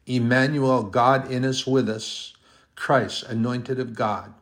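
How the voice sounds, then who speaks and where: Guy preaching a sermon, earnest, average pitch, slows down and gets loud on the big lines. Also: steady tone. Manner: earnest, rising to emphatic peaks, slow deliberate stresses.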